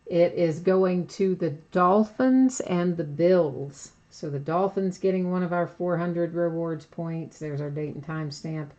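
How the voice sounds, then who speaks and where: A woman's voice: lowish voice, fairly even intonation, measured pace, hardly any pauses, darkish tone. A woman hosting a trading card break, talking through each step in a chatty way with dry sarcastic asides. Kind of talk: casual live commentary. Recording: dull lo-fi home recording.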